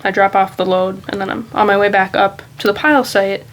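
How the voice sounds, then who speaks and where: In a casual vlog, a woman reflects out loud, rambling loosely and candidly at an average pitch with a steady tone and brisk pace. The audio is poor, with a faint background hiss under her speech.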